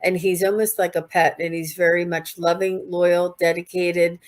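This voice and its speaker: Woman, psychic reading, lowish voice, unhurried, halting. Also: flat delivery. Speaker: psychic reader. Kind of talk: live spiritual reading.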